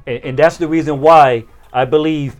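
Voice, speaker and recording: A man's voice: fairly high pitch, fairly even intonation, normal speed. A man hosting a live-streamed interview, talking with hype and mixing in Spanish phrases. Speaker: host.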